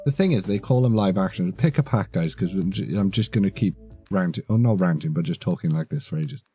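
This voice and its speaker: A man's voice: low-pitched, lively intonation, brisk, warm tone, faint music behind. A man in his thirties, chatting casually and rambling on a live stream, swearing casually.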